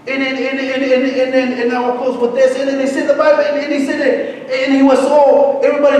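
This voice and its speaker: A man sharing a personal testimony in church, talking haltingly and repeating words as he searches for them. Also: very high voice, completely flat delivery, darkish tone, slight background noise. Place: church sanctuary. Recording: echoey hall, distant mic, faint music.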